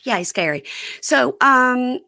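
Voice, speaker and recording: A woman hosting a podcast, chatting casually and reading an ad, with playful quick asides. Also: sits high, animated, creaky, sharp tone, dry recording, clean studio sound. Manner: chatty, quick shifts into playful quoted voices. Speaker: podcast host. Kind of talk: casual chat and read ad.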